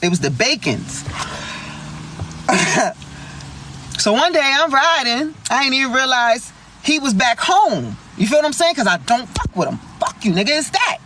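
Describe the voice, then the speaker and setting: High, lively Philly woman telling a story. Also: unhurried, long pauses, background noise. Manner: animated, profane, slangy storytelling. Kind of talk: storytime vlog.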